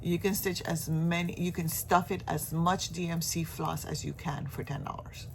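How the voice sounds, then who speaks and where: A woman's voice: lowish voice, steady tone, moderate pace, creaky, slight background noise. A woman chatting casually in a stitching vlog, rambling and laughing often. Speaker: cross-stitch vlogger. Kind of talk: casual chat.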